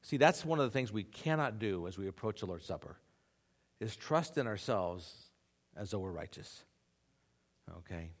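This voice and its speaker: A man's voice: lowish voice, animated, normal speed, pauses often. A man preaching a sermon as pastor, earnest and conversational, often checking in with his listeners.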